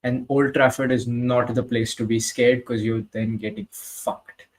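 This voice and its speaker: A man co-hosting a casual football match-reaction chat, blunt and sweary and animated. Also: mid-range voice, moderate pace, low-quality recording. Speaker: football podcast co-host.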